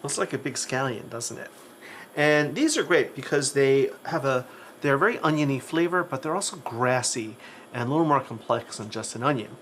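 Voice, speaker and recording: A man's voice: mid-range voice, lively intonation, moderate pace, fairly bright tone, slight background noise. A man hosting a live cooking demo, talking chattily to his viewers while he cooks. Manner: chatty storyteller who talks to the chat. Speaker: cooking show host.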